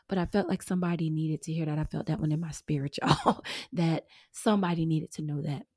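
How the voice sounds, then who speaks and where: A middle-aged woman hosting her own show, talking earnestly and warmly to listeners she calls y'all, sometimes dropping to a breathy near-whisper. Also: on the low side, dry recording, clean studio sound. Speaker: podcast host. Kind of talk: heartfelt casual monologue.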